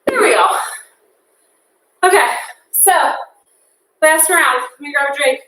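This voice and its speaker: A woman's voice: high voice, slow pace, sharp tone, a little hiss or hum. Breathless upbeat woman fitness instructor. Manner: upbeat cueing, counting down and cheering on. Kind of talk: interval workout class. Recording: echoey room, mic far off.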